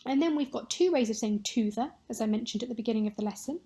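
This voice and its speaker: A woman teaching a recorded Spanish lesson, modelling words clearly and patiently for pupils to repeat. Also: on the high side, quick pace, mellow.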